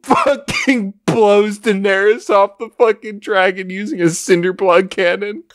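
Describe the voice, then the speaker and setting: A man's voice: high voice, fairly even intonation, measured pace. A man co-hosting a podcast, trading casual jokes and laughing often, with a lot of swearing. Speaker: podcast co-host.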